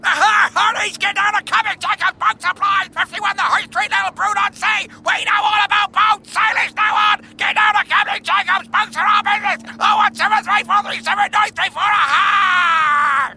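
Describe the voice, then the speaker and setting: A man doing Captain Jacobs, gravelly pirate. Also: medium pitch, big pitch swings, moderate pace, hardly any pauses, background noise. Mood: shrieking. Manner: growling pirate bluster, rolling "aha". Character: gruff hearty male pirate sea captain. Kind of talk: radio ad read in a pirate voice. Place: recording studio.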